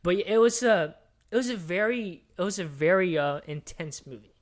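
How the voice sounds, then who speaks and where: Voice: medium pitch, expressive, normal speed. Rambling, foul-mouthed podcast co-host. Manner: rambling, swearing, heated movie recap with many fillers. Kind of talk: casual podcast chat.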